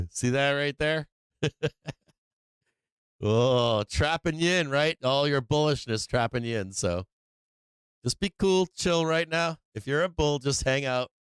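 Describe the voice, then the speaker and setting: A man hosting a live trading stream, talking casually and excitedly, swearing freely and laughing often. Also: mid-range voice, measured pace, smooth, no echo. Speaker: livestream trading host. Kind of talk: casual livestream chat.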